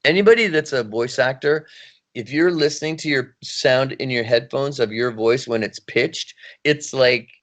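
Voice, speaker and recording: A middle-aged man, a voice actor, chatting in an interview with a rambling, animated manner. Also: medium pitch, moderate pace. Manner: animated, rambling, laughs often. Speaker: voice actor, guest. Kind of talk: casual interview chat.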